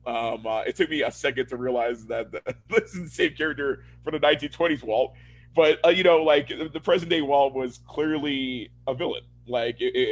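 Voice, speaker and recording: A man's voice: mid-range voice, rough recording. A man co-hosting a casual podcast, rambling through a review and acting out characters as he retells scenes. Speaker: podcast co-host.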